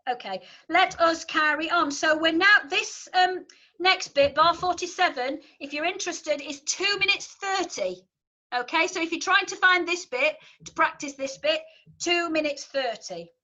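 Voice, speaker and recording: A woman with a Yorkshire accent coaching a choir. Her voice sits high and sounds bright and clear. She talks in a chatty, encouraging way, explaining things step by step. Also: normal speed, muffled recording. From Yorkshire, England. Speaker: choir leader. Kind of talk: online rehearsal instruction.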